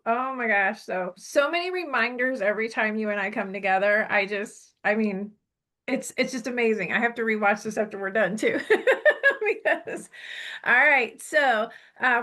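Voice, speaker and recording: Woman, host, casual online show, enthusiastic, lots of fillers, slightly high voice. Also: moderate pace, pushed and bright.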